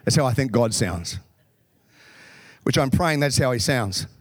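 A man preaching a sermon in a lively, joking way with quick asides. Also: medium pitch, no room sound. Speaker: pastor.

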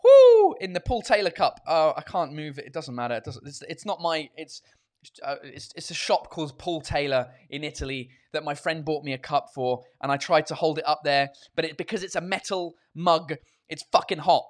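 Late at night in his home kitchen, a weary man runs his own podcast and livestream, chatting loosely and cursing without restraint. He has a fairly high voice and a brisk pace. The sound is dry and clean, like a studio.

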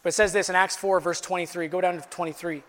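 Pastor guy preaching, high voice, long echo in the church hall, gets pretty emphatic. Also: fairly even intonation, quick pace, a bit bright. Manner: preaching, rising to emphatic passages. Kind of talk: sermon.

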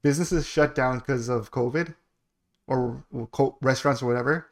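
Brief: male podcast host, casual chat, animated storyteller, swears often, average pitch. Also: normal speed.

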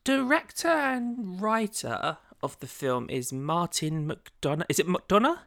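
A woman's voice: on the low side, sing-song, takes it slowly, creaky, fairly bright tone. A young woman co-hosting a film podcast, chatting casually and giggling often. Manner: conversational, giggly. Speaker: podcast co-host. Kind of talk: casual chat.

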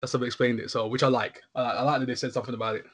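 Man, rapid-fire talker, casual chat, rambling and animated. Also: medium pitch, background noise. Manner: rambling, animated, frequent "you know what I'm saying".

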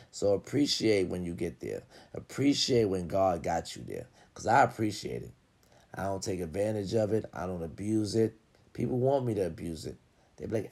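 Emphatic man giving a motivational talk. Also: vocal fry. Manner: preachy, emphatic, swings from low murmurs to loud urging. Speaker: motivational vlogger.

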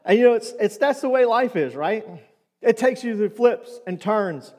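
Preaching in a church sanctuary, a pastor with a high-pitched, expressive, darkish voice tells stories at normal speed and makes conversational asides to the congregation. A long reverb tail follows his words.

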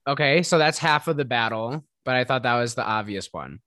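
A man's voice: mid-range voice, lively intonation, brisk, pushed and bright, no room sound, studio quality. A man with a Midwestern accent co-hosting a podcast, bantering playfully with frequent giggles. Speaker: podcast co-host. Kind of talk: casual chat.

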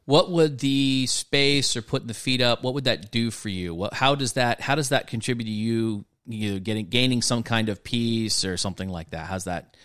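A man co-hosting a casual faith podcast, explaining thoughtfully and asking gentle, probing counseling questions, at times poking fun at himself. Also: medium pitch, moderate pace, few pauses, clear, resonant tone, no room sound, clean studio sound.

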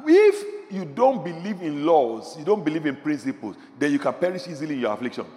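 A man preaching a sermon fervently, dropping to quiet murmurs and rising to shouts. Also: a little high, sing-song, fairly quick. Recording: long hall reverb.

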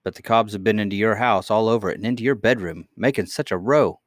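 Impulsive storybook miner boy, earnest and quick, as a male narrator puts him on; low-set voice, dry. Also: dry recording, lightly acted.

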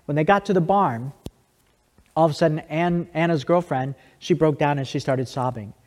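A man's voice: fairly high pitch, normal speed, darkish tone. A man speaking to an audience, telling a personal story conversationally, with frequent restarts and asides. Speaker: speaker giving a testimony. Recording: long hall reverb.

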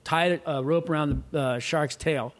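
A man with a somewhat high voice tells a story in loose casual chat. He is animated, acts out the voices of the people in it and swears freely. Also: a little slow, slight background noise. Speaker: guest.

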